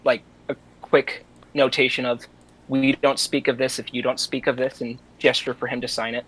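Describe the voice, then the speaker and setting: A man's voice: mid-range voice, little pitch movement, moderate pace, a bit bright, breathy edge, rough recording. A man playing a tabletop role-playing game, hesitantly explaining his moves and rules. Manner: hesitant, reading rules aloud. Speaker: player. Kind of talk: casual tabletop play.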